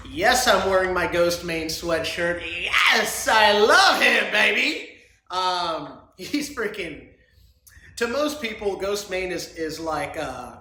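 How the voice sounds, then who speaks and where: A man's voice: sits high, bright, forceful tone, roomy sound. Rambling, crude man hosting a podcast. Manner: rambling, crude and opinionated, laughs often. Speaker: podcast host. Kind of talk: solo podcast monologue.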